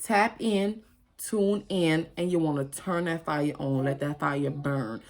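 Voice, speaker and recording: A woman's voice: low voice, slow. A woman, talking to her viewers in an earnest, emotional and rambling casual monologue. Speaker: spiritual vlogger.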